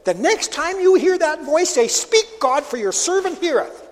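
A man's voice: extremely high pitch, very animated, normal speed, in a large hall, pitched above the performer's own voice. A man voicing an old male priest who urgently instructs a boy.

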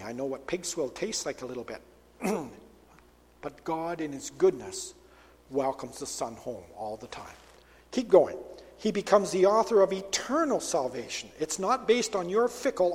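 A man's voice: fairly high pitch, a little mellow, big-room sound. A man delivering a sermon, preaching emphatically and posing rhetorical questions to his listeners.

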